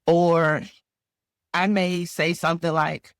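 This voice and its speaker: A woman's voice: lowish voice, fairly even intonation, normal speed, no echo, clean studio sound. A woman educator, a guest on an interview show, telling vivid classroom stories and acting out what people said. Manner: vivid anecdotes with acted-out quotes. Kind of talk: storytelling interview talk.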